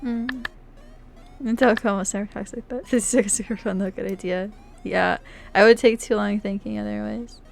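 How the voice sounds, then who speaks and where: A young woman streaming live, chatting casually with her viewers, playful and laughing, swinging between loud outbursts and quiet mumbling. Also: mid-range voice, steady tone, normal speed, gravelly, soft background music. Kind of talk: casual live-stream chat while playing games.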